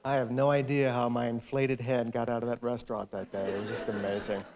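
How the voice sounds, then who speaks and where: Author at a library talk, male, gravelly voice, humorous storyteller. Casting note. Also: medium pitch, little pitch movement, fairly quick, noisy background. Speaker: author speaking at a library event. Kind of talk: public talk with anecdote. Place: public library hall.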